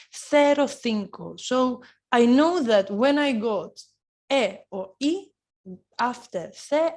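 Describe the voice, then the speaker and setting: A woman teaching an online lesson, encouraging and repeating words slowly to model pronunciation. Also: fairly high pitch. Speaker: Spanish teacher.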